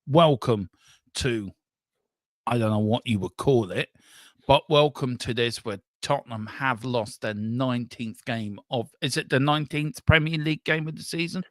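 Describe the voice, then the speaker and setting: A man's voice: mid-range voice, moderate pace, a bit bright, dry recording. Man, football fan-show host, rambling, frank, dry close sound. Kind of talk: casual fan talk show.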